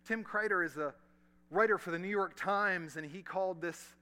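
A male pastor with a high-sitting voice preaches at normal speed to a large congregation in a big church hall. He swings from loud emphasis to hushed, almost whispered lines, with casual asides to the room.

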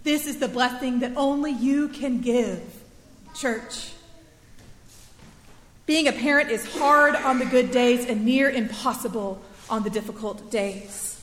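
A woman in her thirties telling a personal story as a sermon, in a chatty, animated storytelling way. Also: on the high side, normal speed, few pauses, a little hiss or hum. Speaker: preacher. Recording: echoey hall with long reverb.

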